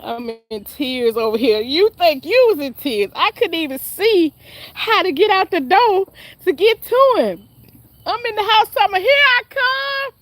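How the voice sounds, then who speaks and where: A woman's voice: very high-pitched, big pitch swings, a little slow, no echo. A woman, chatting and laughing with viewers on a casual live stream. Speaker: livestream host.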